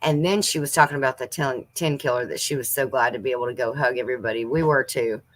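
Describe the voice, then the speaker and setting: A woman in her fifties hosts a casual livestream, reading viewers' comments aloud and chatting back to them, coughing now and then. Her voice is very deep and fast.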